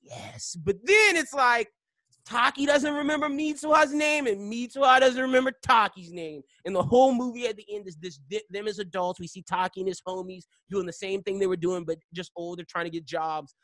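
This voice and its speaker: A male podcast host in casual chat, retelling scenes in an animated way that swings between loud and soft. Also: high voice, a little fast, hardly any pauses, no echo.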